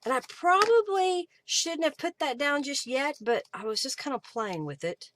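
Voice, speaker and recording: Chatty crafting woman, higher voice. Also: expressive, normal speed, a bit bright, a little hiss or hum. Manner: chatty, thinks aloud while working, reads viewer comments. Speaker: craft livestream host. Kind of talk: casual live crafting chat. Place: home craft table.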